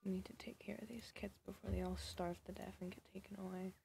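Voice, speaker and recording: A woman's voice: medium pitch, flat delivery, fast, gravelly, mellow, slight background noise. A woman giving casual, sarcastic commentary over a life-sim game, scolding the characters and often dropping to a whisper. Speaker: gaming video creator.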